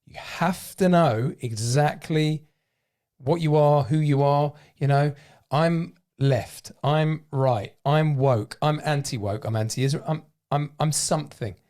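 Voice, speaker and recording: A man's voice: fairly high pitch, slow, darkish tone. A man hosting a podcast in a studio, chatting casually and thinking aloud in loose, rambling sentences. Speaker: podcast host. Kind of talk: casual chat.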